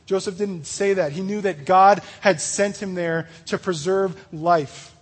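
A man giving a casual youth sermon, chatty and full of "like" and "you know", acting out the story's speakers in quick asides. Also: sits high, breathy edge. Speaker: youth pastor.

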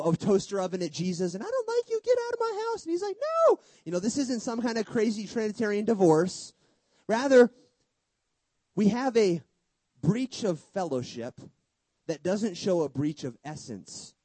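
A man preaching with a high but mellow voice, pressing his points through rhetorical questions and then dropping to a near hush. He mixes earnest conviction with casual, joking asides. The sound is dry and close, with no room around it. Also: dry recording, poor audio. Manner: emphatic preaching with sudden hushed drops and rhetorical questions. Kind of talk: sermon.

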